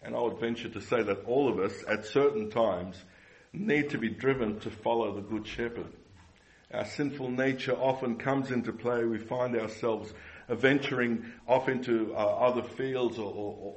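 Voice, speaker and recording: A man's voice: medium pitch, moderate pace, low-quality recording. A man preaching a sermon earnestly, repeating phrases and asking the congregation rhetorical questions.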